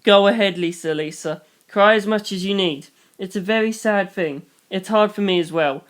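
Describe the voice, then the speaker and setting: A reader doing a gentle, firm foster mother. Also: medium pitch, moderate pace, clear, resonant tone, close to an everyday voice. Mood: comforting. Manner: soft, steady, reassuring. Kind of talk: audiobook reading.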